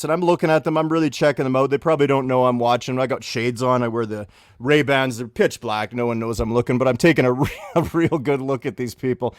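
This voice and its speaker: A man co-hosting a comedy podcast, ranting in a grumbling, deadpan way. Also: medium pitch, clean tone, dry recording, clean studio sound. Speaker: co-host.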